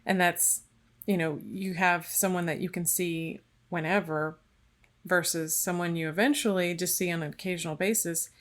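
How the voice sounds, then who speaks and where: A woman hosting a podcast, speaking reflectively and haltingly as she searches for her words. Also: on the low side, fairly even intonation. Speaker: podcast host. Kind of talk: conversational interview.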